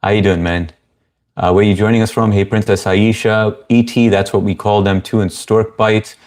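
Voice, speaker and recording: A man's voice: on the low side, flat delivery, normal speed, a little mellow. A man hosting a casual livestream, reading viewer comments aloud and greeting people by name in an easygoing way. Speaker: livestream host.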